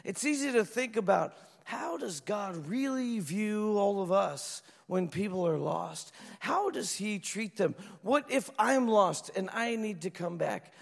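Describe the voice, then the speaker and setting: Pastor, male, high voice, lively storytelling sermon, long hall reverb. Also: unhurried, vocal fry. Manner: animated storytelling, acts out voices.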